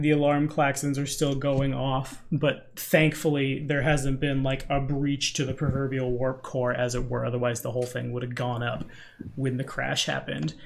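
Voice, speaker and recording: Chatty higher-voiced man running a game. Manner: relaxed, chatty narration with casual fillers. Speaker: game master. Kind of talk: narrating a tabletop game over voice chat.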